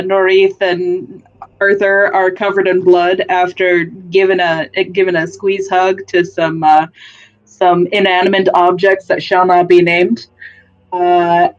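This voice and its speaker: A woman's voice: lowish voice, level tone, slow pace, highs cut off. Profane woman rambling through a game recap. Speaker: player giving a session recap. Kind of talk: casual recap of a tabletop game.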